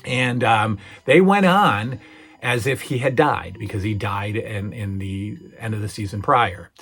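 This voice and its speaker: A man's voice: lowish voice, measured pace, a bit bright, husky. A middle-aged man hosting his own channel, chatting casually and hesitantly about memorable TV moments, with lots of fillers and restarts and a touch of emotion. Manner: gets emotionally worked up retelling scenes. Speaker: channel host.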